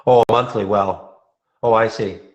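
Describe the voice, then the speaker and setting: A man's voice: fairly low pitch, steady tone, unhurried. Casual man commenting on live trades. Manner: casual, thinking aloud with restarts. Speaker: trading room host.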